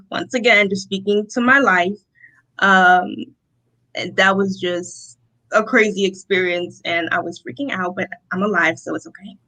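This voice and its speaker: A young woman from Rochester, New York, a guest telling a personal testimony in an interview, animated and often acting out what people said. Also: medium pitch, rough recording. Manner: animated storytelling, acting out quotes, laughs often.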